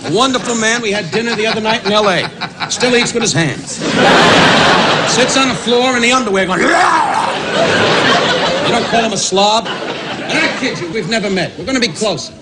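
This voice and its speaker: An older man doing live insult comedy at a benefit, brashly jabbing at people in the audience. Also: sits high. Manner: brash, rapid jabs at audience members. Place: benefit event hall. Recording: live hall tape, loud crowd and noise.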